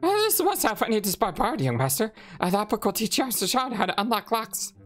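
A woman's voice: a little high, sing-song, quick pace, pitched above the performer's own voice. A woman voicing a deferential school servant who stammers and apologizes. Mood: apologetic. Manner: apologetic, stammering, calls others young master. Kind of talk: reading game dialogue aloud in character.

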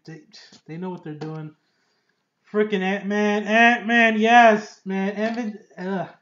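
A vlogger giving excited reaction commentary on a film trailer, effusive and prone to loud outbursts. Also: medium pitch, highs cut off. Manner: effusive, loud outbursts and laughter between slower musings. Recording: roomy echo.

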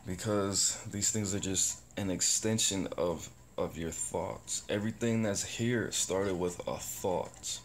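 A man's voice: sits low, slow, creaky, few pauses, a little hiss or hum. A man talking to camera in a rambling, profane, casual vlog about positivity. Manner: rambling, profane, animated bursts. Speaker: vlogger. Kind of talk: casual self-talk vlog.

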